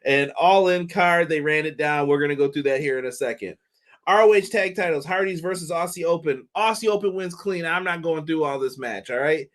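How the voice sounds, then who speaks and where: A man with a fairly quick delivery and a voice on the high side hosts a casual wrestling review show. He talks loosely, laughing, cursing, and putting on mock voices.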